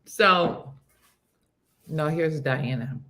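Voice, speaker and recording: A woman in her fifties hosting a casual morning show, telling a story with animated delivery and acting out her friends' voices. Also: low voice, drawn-out words. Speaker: host.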